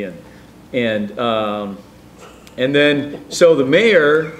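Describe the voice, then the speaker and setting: A middle-aged man telling a personal story in a rambling, animated way, with many fillers and restarts. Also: mid-range voice, drawn-out words, background noise. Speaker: storyteller guest.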